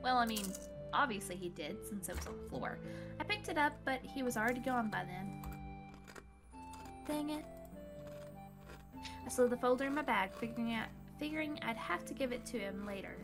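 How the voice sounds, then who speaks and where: A woman's voice: fairly high pitch, lively intonation, moderate pace, long pauses, over music. A woman reading a visual novel aloud to friends. She narrates playfully and breaks off to joke.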